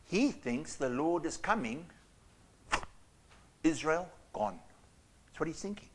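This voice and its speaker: A man preaching a sermon as pastor, reading scripture dramatically and swinging between loud outbursts and hushed asides. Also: fairly high pitch, lively intonation, slow, long pauses, husky.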